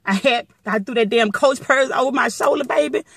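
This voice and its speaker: Middle-aged woman, blunt and foul-mouthed, animated storyteller, dry close sound. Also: sits high, fairly quick, breathy edge, dry recording. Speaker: vlogger. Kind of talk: casual storytelling to viewers.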